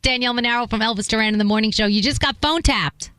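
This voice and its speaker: A woman's voice: on the high side, fast, pushed and bright, smooth, dry recording, studio quality. A woman radio co-host doing a prank call, playing a polite clerk who keeps stalling. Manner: polite stalling turning combative.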